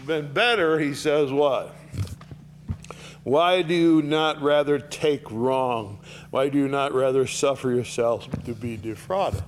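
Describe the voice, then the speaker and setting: A man of middle pitch teaches a Bible chapter verse by verse, reading a line and then paraphrasing it. He swings from sharp, raised rebukes to quiet, low asides. A faint hum sits under his voice. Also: slow. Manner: animated, rising sharply to voice Paul's rebukes, dropping low for asides.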